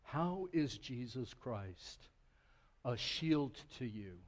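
A man preaching a sermon as pastor, moving from quiet, deliberate phrasing to loud, impassioned delivery. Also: mid-range voice, lively intonation, long reverb tail.

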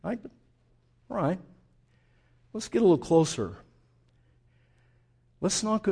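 Animated high-voiced male pastor preaching. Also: takes it slowly, creaky, pauses often, breathy edge. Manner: animated, acts out voices of listeners and speaks straight to the congregation. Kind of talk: sermon.

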